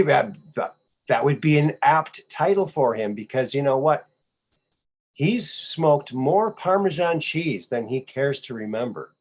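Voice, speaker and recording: A man's voice: mid-range voice, lively intonation, unhurried. A male podcast host giving casual commentary on memes, sarcastic and scoffing, often repeating his phrases.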